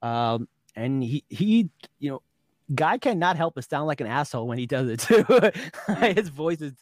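A man's voice: fairly high pitch, a little slow, no room sound. A man co-hosting a podcast, recapping an episode in casual chat and acting out the lines he quotes. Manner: animated storyteller, acts out quotes and laughs often. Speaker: podcast co-host.

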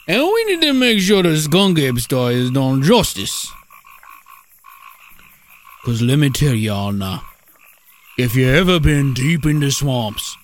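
A man's voice: medium pitch, a bit bright, a little hiss or hum. A man putting on a Cajun accent to voice a showy restaurant owner who tells swamp tales. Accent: put-on Cajun. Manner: showy, drawling storyteller.

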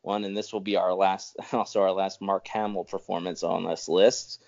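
Low-voiced podcast co-host, rambling. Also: male voice, little pitch movement, normal speed, gravelly, darkish tone, dull audio. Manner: rambling, with frequent restarts and chuckles. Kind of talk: casual chat.

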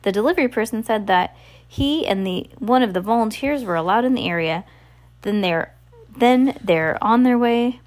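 A woman's voice: on the high side, moderate pace, darkish tone, natural voice. A woman voicing a worried, resourceful teenage girl who speaks urgently.

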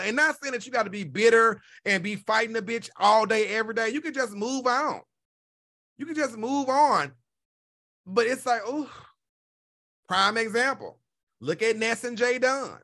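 Podcast host, male, very high bright voice, blunt profane rant. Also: animated, moderate pace. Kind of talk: casual chat rant.

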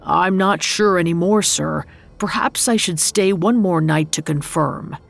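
A woman's voice: fairly low pitch, a little slow, gravelly. A woman voicing a wounded young male soldier, speaking earnestly and humbly.

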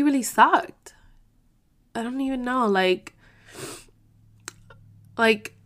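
A young woman telling a personal story to her viewers, full of slang and swearing, switching into quick impressions of herself and others. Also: on the high side, a bit bright. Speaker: vlogger. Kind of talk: casual storytelling to camera.

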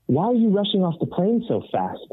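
A man doing a loud, accusing middle-aged passenger. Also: high-pitched, huge pitch swings, brisk, dry recording, phone-quality sound, voice pushed up, exaggerated voice. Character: suspicious fifty-ish male passenger, accusing.

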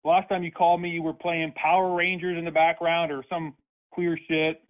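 A man's voice: a little high, level tone, normal speed. A man on a phone call, ranting angrily and hurling profane insults. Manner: angry, profane, insulting rants. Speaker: prank call target. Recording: tinny phone line.

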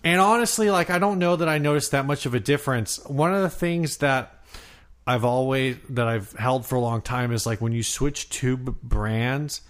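A man's voice: mid-range voice, normal speed, a bit bright. Rambling man in casual podcast chat. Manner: rambling, lots of fillers and restarts. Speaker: podcast co-host.

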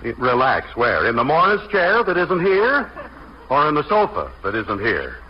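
An actor playing an exasperated, wisecracking young husband, in 1940s radio acting. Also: male voice, mid-range voice, wildly swooping pitch, moderate pace. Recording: muffled old radio recording with hiss.

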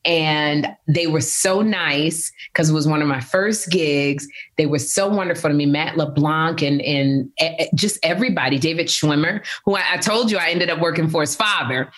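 A middle-aged woman, a guest, telling animated stories in a casual interview and laughing often. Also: deep voice, moderate pace, few pauses.

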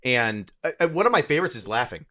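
Animated, bright-voiced former drill sergeant. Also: male voice, mid-range voice, fast, no room sound, clean studio sound. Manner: animated and profane, acting out voices in his stories. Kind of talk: casual storytelling.

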